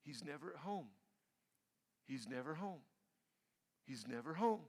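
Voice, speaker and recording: A male pastor preaching a sermon in a church sanctuary, emphatic and swinging between loud and quiet. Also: on the high side, animated, a little slow. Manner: emphatic preaching, rising loud on key points then dropping quiet. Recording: reverberant church hall.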